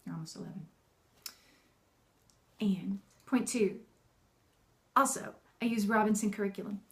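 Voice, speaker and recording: Here a homeschooling mom talks to the camera in a casual, talkative way, her medium-pitched voice unhurried. She laughs frequently and is animated, mimicking the bossy and cheerful voices she uses with her children.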